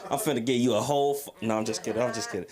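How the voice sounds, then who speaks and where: A man's voice: medium pitch, fairly even intonation, rapid-fire. A drunk man doing a crude, rambling open mic stand-up set on a comedy club stage, roasting the crowd. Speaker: stand-up comic.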